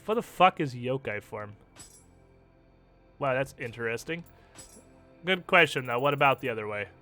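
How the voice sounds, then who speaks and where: This young man's voice is mid-range at normal speed, with soft background music underneath. Streaming a game, he jokes, curses casually, and stays animated while explaining what he's choosing to do.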